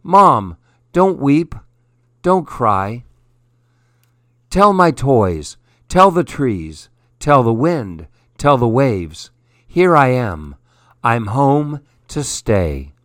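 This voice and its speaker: A little bear boy, eager and loving, calls out softly and pleads to come home, as a man puts him on. The delivery is slow and gentle, in a dry, close sound. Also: mid-range voice, big pitch swings, no echo, heavily acted. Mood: pleading.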